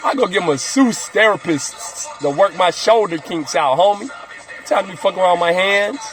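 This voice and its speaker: A man's voice: sits high, expressive, normal speed, fairly bright tone. A man hosting a podcast, rambling loosely with heavy swearing and frequent laughs, recorded on a phone. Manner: loose, heavily profane, laughing often. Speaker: podcast host. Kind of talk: profane rambling podcast monologue. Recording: phone recording with music behind. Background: music playing.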